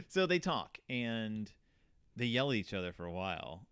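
A man hosts a casual book discussion with a very lively, up-and-down voice. He keeps acting out bits of the story. The sound is dry and close to the mic. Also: mid-range voice, smooth, no echo. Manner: animated, quick to act out quotes. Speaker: podcast host.

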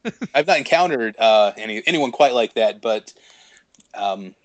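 A man's voice: mid-range voice, animated, normal speed, no echo. A man co-hosting a casual podcast, talking in a chatty way with frequent laughs, fillers and restarts. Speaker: podcast co-host. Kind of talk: casual chat.

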